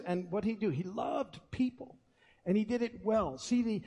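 A man's voice: sits high, mellow. A man preaching a sermon as pastor, in a conversational, folksy way. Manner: conversational, folksy, with many fillers and restarts. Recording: long reverb of a church hall.

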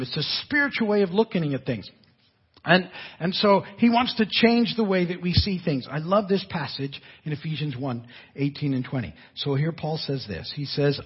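A man preaching a sermon as a pastor, in an animated, conversational way with asides and laughter. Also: high voice, husky, dull audio.

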